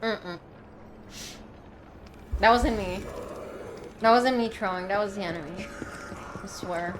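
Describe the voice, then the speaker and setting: A young woman streaming a game live, reacting loudly and swearing often as she plays. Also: mid-range voice, takes it slowly, noisy background. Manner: reactive, swearing, frequent outbursts. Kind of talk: live gameplay commentary.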